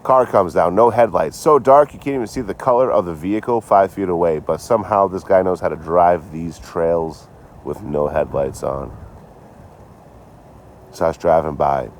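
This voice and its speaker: A man with a low-sitting voice speaks at a moderate pace, with slight background noise behind him. He's tipsy and chatting casually on a phone livestream, profane and sarcastic, rambling and joking back and forth with viewers.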